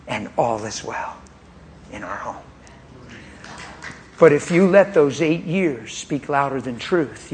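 A man preaches a sermon testimony, pointed and straight-talking, telling his story with animation and frequent laughter. His voice is medium-pitched, with a little hiss or hum.

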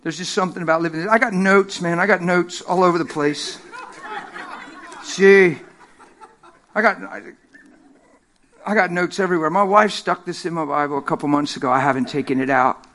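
A middle-aged man preaching a sermon, telling stories with lively energy, laughing and acting out the voices of the people in them. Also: sits high, normal speed, pauses often, some chatter behind. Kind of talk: sermon with storytelling. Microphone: handheld microphone.

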